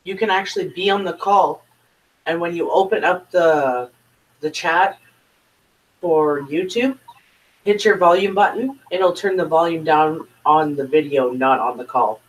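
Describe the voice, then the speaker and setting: A man's voice: fairly high pitch, measured pace. A man on a group call, helpfully explaining a phone setting in a casual way. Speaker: participant on the call. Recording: distant mic on a call.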